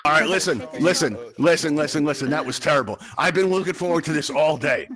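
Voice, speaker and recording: A man's voice: a little high, fast talker, a crowd in the background. A man hosting a live virtual game show, talking straight to his audience in a chatty, rambling showman manner.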